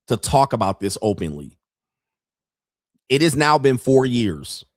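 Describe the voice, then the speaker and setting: A man's voice: medium pitch, darkish tone, dry recording, clean studio sound. A man hosting a podcast, ranting bluntly and profanely about dating, with a mocking tone and frequent laughs. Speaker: podcast host and dating commentator. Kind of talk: casual podcast rant.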